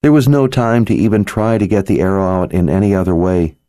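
A man's voice: deep voice, fairly even intonation, fairly quick, dark tone, no echo, close to an everyday voice. A man voicing an earnest, worried young female sorceress healer, speaking in a pleading manner.

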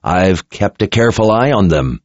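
A man's voice: sits low, lively intonation, normal speed, dry recording. A man doing a drawling, haughty sorcerer. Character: haughty, arrogant male sorcerer, vain and impatient. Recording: dull lo-fi recording.

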